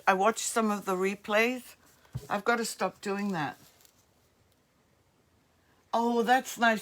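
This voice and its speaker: A woman's voice: medium pitch, a bit bright. A woman with a New Jersey accent, hosting a crafts livestream and chatting casually with viewers in the comments. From northeastern US. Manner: chatty, friendly asides to commenters.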